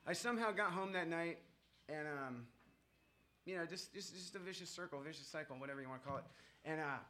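A man's voice: a little high, pushed and bright, a little hiss or hum. A man sharing his own story with a group at a recovery meeting. He rambles and mocks himself, with many fillers and chuckles.

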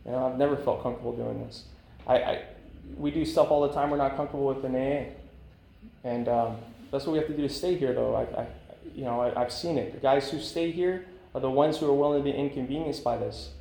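In an echoey meeting room with faint ambience, a man in his thirties delivers a rambling, candid recovery talk thick with fillers. He's a fast talker with a medium, fairly even pitch, vocal fry, and a dark tone. A little hiss or hum sits under the recording.

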